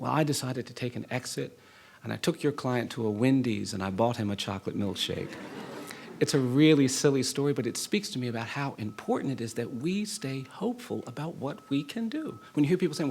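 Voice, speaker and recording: Gravelly, husky middle-aged man telling a story. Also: medium pitch, a little mellow. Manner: earnest, measured storytelling with rising emphasis. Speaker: law professor and speaker. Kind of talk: public lecture storytelling. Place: lecture hall.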